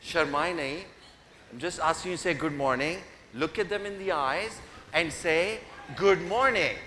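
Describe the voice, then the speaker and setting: His voice leans high and bright, delivered forcefully at a moderate pace, as this man runs an interactive keynote from a conference hall stage, teasing the audience and giving them directions over the microphone. The recording is reverberant, with faint noise.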